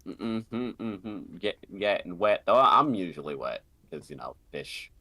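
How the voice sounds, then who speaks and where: A man's voice: low-pitched, very animated, measured pace, bright, forceful tone, no room sound. A man chatting casually on a streamed group call, playful and teasing, laughing often.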